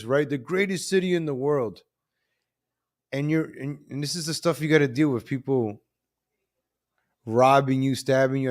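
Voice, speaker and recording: A man hosting a live commentary stream, animated and repetitive, calling out to viewers as ladies and gentlemen. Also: medium pitch. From New York.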